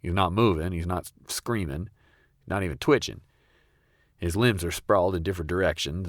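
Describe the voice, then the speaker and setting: Brief: young male storyteller, very low voice, deadpan, dry close mic. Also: no room sound. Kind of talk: comedic first-person storytelling.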